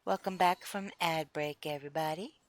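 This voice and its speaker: A young woman streaming a game, chatting casually with her viewers in an expressive, excitable way on a close desk mic. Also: sits low, normal speed. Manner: expressive, chatty, gets excited and laughs a lot. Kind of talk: casual live-stream chat.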